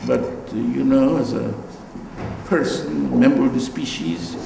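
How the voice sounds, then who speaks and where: An older man from Guyana, an artist giving a relaxed gallery talk, musing and repeating phrases with animated exclamations. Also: mid-range voice, unhurried, vocal fry, echoey room, big-room sound, background noise. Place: gallery room.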